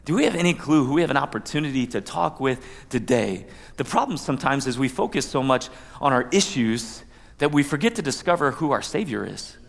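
A man's voice: medium pitch, big pitch swings, fairly quick, vocal fry. A man pastor giving a conversational sermon, with asides and playful quoted voices. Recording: long hall reverb.

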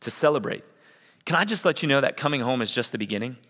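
Bright-voiced middle-aged pastor preaching in a hall. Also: male voice, medium pitch, racing. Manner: conversational storytelling, building to energetic emphasis. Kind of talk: sermon.

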